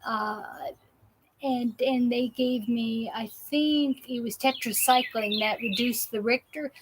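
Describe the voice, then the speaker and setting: A woman's voice: on the high side, slow, a little hiss or hum, low-quality recording. A woman hosting a live show, chatting casually and rambling with many restarts and fillers. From South Jersey. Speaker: host of a live patient show. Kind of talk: casual live-stream chat.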